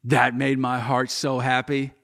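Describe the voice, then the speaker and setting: A man's voice: medium pitch, completely flat delivery, a little slow, creaky, fairly bright tone, dry recording, clean studio sound. A man from Oklahoma with a slight drawl, hosting a podcast in an upbeat, rambling way. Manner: upbeat, chatty, rambling with fillers. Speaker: podcast host. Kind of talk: casual podcast chat.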